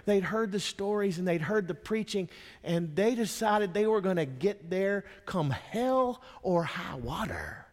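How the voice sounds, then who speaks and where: A man preaching in a church sanctuary, his fairly high voice hanging in a long hall reverb. He takes his time, leaning into dramatic storytelling and shifting from hushed moments to impassioned swells. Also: lively intonation, measured pace. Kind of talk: sermon.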